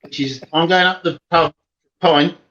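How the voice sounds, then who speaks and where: A man's voice: on the high side, measured pace, lo-fi sound. A man with a British accent chatting on a live stream, laughing often. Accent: British English. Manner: laughs often, lively storytelling. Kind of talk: casual live-stream chat.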